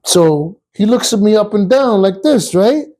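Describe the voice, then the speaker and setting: A man's voice: high-pitched, expressive, a little slow, a little mellow. A man, a retired police officer telling stories in a casual, streetwise way and acting out the voices. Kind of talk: personal storytelling.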